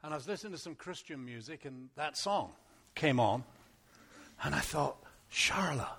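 A man's voice: a little high, animated, moderate pace, creaky, slightly rough. A man from England with a Devon accent, preaching a sermon in a joking, conversational way at a church service. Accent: English, Devon. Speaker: pastor. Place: church service, live and streamed.

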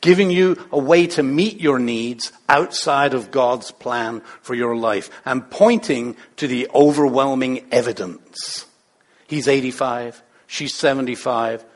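A man's voice: medium pitch, unhurried. A man preaching a sermon in a playful, conversational way, full of rhetorical questions. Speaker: pastor.

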